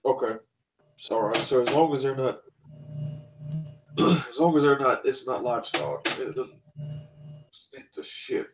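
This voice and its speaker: A man's voice: medium pitch, a little slow, pauses often, distant mic, noisy background. A man playing a tabletop game, chatting casually and often stumbling over his words. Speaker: player.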